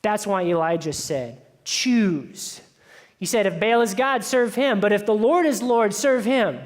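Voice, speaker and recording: A man preaching a sermon as pastor, telling the story in a conversational way and dropping into hushed asides. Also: high voice, lively intonation, unhurried. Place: church sanctuary. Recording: church hall with long reverb.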